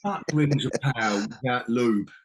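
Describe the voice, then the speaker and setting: A man's voice: mid-range voice, normal speed. A man co-hosting a casual podcast chat, sweary and mocking. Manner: sweary, mocking, puts on silly voices. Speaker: podcast co-host.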